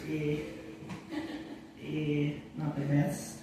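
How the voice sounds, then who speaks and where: A young man doing stand-up at an open mic, halting and self-deprecating with lots of ums. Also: fairly high pitch, completely flat delivery. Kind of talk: stand-up comedy. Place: bar stage at open mic night. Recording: echoey room, far from mic, faint noise.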